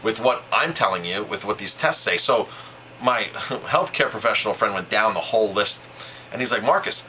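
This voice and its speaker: Animated, bright-voiced man telling a story. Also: lowish voice, normal speed, a little hiss or hum, poor audio. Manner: animated and emphatic, retelling conversations with repeats. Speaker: vlogger. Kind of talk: casual storytelling monologue.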